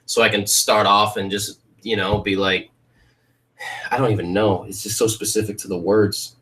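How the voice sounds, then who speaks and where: A man hosting a podcast, chatting loosely and tripping over restarts as he goes. His voice sits fairly low and sounds set back from the microphone, a little distant. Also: level tone, moderate pace, pushed and bright. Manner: rambling, restarts often. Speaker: podcast host. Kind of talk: casual chat.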